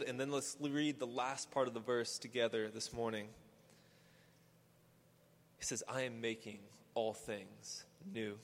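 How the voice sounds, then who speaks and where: A male pastor delivering a sermon, building from quiet reflection to emphatic, repeated preaching. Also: medium pitch. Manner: rising to emphatic, repetitive preaching. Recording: long hall reverb.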